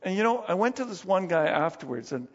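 Male pastor, high voice, chatty storytelling sermon, long church reverb, dull lo-fi recording. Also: big pitch swings, quick pace. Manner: storytelling with chuckles and restarts. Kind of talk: conversational sermon.

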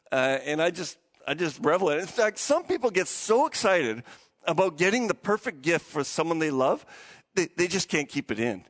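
Pastor telling a story in his sermon, high husky voice, lots of laughing and stammery repeats. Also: fairly bright tone, big-room sound.

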